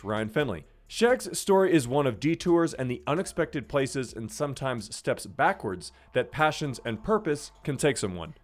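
A man's voice: mid-range voice, no echo. Chatty man hosting a podcast, dry sound. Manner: friendly, chatty, many fillers. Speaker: podcast host. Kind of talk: podcast intro and interviewing.

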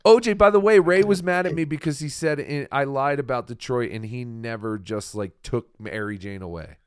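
A man co-hosting a live show, talking in an animated, emphatic and sarcastic way. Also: mid-range voice, normal speed, smooth, no echo, studio quality. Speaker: podcast co-host. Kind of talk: casual live-stream banter.

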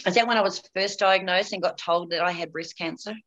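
A woman's voice: lowish voice, fairly even intonation, brisk, fairly bright tone, lo-fi sound. A woman, a guest telling her own story in a frank, candid way and often repeating words. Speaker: interview guest, breast cancer survivor. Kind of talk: personal storytelling in conversation.

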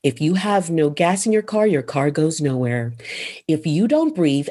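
A woman's voice: deep voice, sing-song, measured pace, mellow. A woman who is a voice coach and author, answering interview questions in an emphatic, instructive way and landing her phrases firmly.

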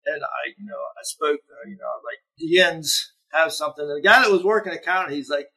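A musician from eastern Ohio with a Pittsburgh-area Yinzer accent chats as an interview guest, rambling easygoingly with lots of fillers. His fairly high voice is expressive, fast, bright and forceful, with vocal fry and a breathy edge, on a rough recording.

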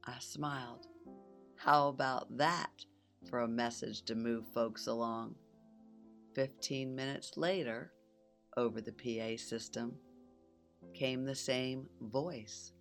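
Woman host, gravelly and intimate, reflective personal narration over faint music. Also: a bass voice, fairly even intonation, slow, pauses often. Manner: soft and intimate, drops to a whisper at times. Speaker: podcast host.

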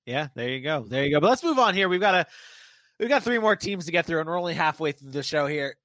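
A man hosting a casual sports podcast, animated and joking as he leads the talk. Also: fairly high pitch, fast talker, no echo. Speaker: podcast host.

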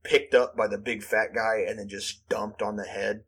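A man's voice: lowish voice, flat delivery, moderate pace, a bit bright, slightly rough. A man around thirty telling rambling, profane school stories in casual chat, full of "like" fillers and acted-out quotes.

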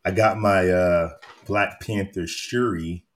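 A man co-hosting a casual chat show, telling stories with animated energy and frequent laughter. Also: low voice, slow, slight background noise. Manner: animated storyteller, laughs often. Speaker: podcast co-host.

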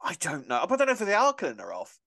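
A man's voice: high-pitched, rapid-fire, vocal fry, dry recording. Chatty man, dry close sound. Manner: chatty, animated, laughs often and acts out quotes. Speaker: podcast co-host. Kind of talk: casual chat recapping a soap opera.

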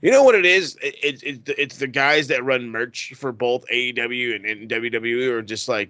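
Animated, foul-mouthed man co-hosting a podcast. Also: mid-range voice, normal speed, few pauses, dry recording. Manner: animated, profane, energetic. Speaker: podcast co-host. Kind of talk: casual chat and history segment.

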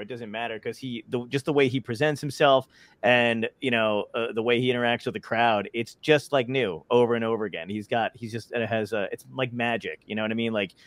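A man's voice: mid-range voice, no echo. A man hosting a casual podcast, joking, swearing freely and stumbling over his words. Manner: animated, swears, jokey, stammers. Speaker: podcast host. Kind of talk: casual chat.

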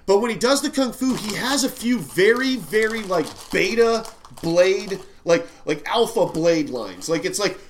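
A man's voice: high-pitched, lively intonation, measured pace, slight background noise. A man co-hosting a podcast, chatting casually about a movie in a rambling, joking way with many restarts. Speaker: podcast co-host. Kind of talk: casual movie-review chat.

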